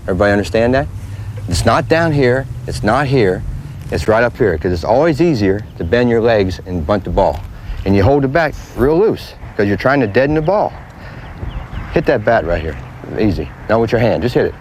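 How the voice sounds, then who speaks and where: A man's voice: on the low side, very animated, normal speed, darkish tone. A man coaching children on a baseball field, giving plain, repetitive instructions. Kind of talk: outdoor coaching demonstration. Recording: faint background noise from a 1980s tape.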